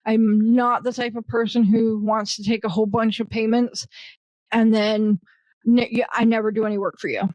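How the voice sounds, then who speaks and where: Woman guest, blunt and self-deprecating, higher voice, dry close sound. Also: level tone, moderate pace, a little mellow, dry recording, dull audio. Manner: rambling with fillers and restarts. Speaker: guest, virtual assistant. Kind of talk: casual interview conversation.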